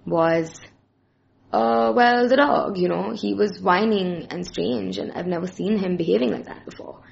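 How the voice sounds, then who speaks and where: A woman's voice: mid-range voice, a little slow, vocal fry, dull audio. A woman voicing a worried male tech worker.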